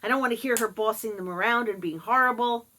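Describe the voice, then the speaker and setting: A woman's voice: fairly high pitch, fast talker, bright, forceful tone. A middle-aged woman talking casually to camera, sarcastic and mocking, putting on voices when she quotes people. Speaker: vlogger. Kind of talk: casual monologue.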